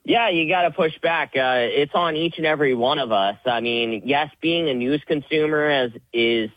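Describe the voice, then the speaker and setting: A man joins a talk show as a guest commentator, answering in a brisk, matter-of-fact way. His voice comes through a dull, lo-fi remote line, dry and close. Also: on the high side, no room sound. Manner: brisk, promotional. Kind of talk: radio interview guest.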